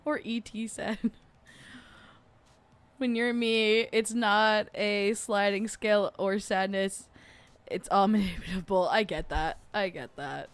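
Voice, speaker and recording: A woman's voice: mid-range voice, fairly even intonation, slow pace. A woman hosting a casual livestream chat, rambling with lots of fillers and laughing often as she gets emotional. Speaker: podcast host.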